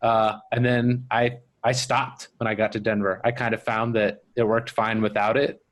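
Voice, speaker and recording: This male podcast host from the Miami-area comedy scene chats casually, easygoing and reflective, rambling as he overthinks out loud on mic. His voice is on the low side, level in tone, at a moderate pace.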